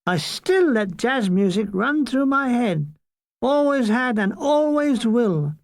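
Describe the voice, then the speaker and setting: A very high-pitched, expressive male voice, recorded with no echo, belongs to an older Irishman reading his war memoir aloud. He narrates with dry comedy, quick asides, and mock voices.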